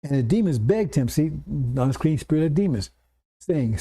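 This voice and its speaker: A man preaching a scripture lesson in a somewhat high voice with a very dark, mellow tone. He explains point by point and keeps checking in with his listeners through short rhetorical questions. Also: lively intonation, normal speed, breathy edge. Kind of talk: sermon lecture to congregation.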